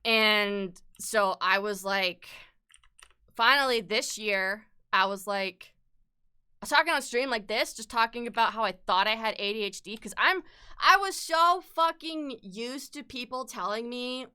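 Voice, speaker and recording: A woman's voice: fairly high pitch, a little slow, pushed and bright, smooth. A young woman streaming live, chatting casually and candidly, swearing freely and sounding upset at times. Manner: upset, close to tears at times.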